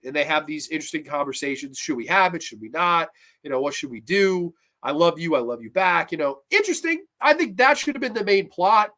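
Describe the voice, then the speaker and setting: Bright, high-pitched man ranting profanely. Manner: profane, exasperated ranting with mocking re-enactments. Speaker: horror film reviewer. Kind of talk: casual livestream review. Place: home livestream setup.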